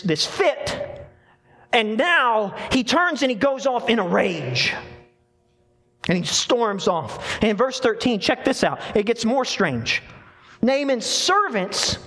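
A man preaching a sermon, telling a scripture story in an animated way and voicing the people in it. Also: high-pitched. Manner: animated storytelling with dramatic voiced quotes. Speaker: pastor.

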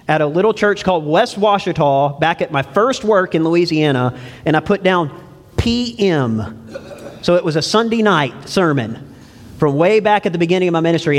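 High-voiced pastor in a reverberant church. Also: male voice. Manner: folksy storytelling, asks the congregation. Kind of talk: sermon.

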